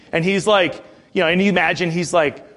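Male preacher, sermon, animated delivery, quiet to loud swings, a bit high-pitched. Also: normal speed, vocal fry.

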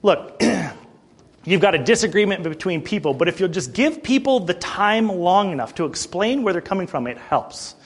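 A man's voice: sits high, moderate pace, slightly rough. A man in his thirties, a pastor preaching a sermon, telling a story to the congregation and getting fired up. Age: 30s. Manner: animated, fired up, talks straight to the congregation.

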